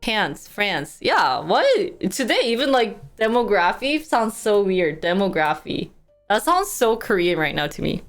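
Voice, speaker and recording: A woman's voice: medium pitch, animated, moderate pace, faint music behind. A woman live streamer chatting casually and reading news aloud. She thanks donors and stumbles over hard words.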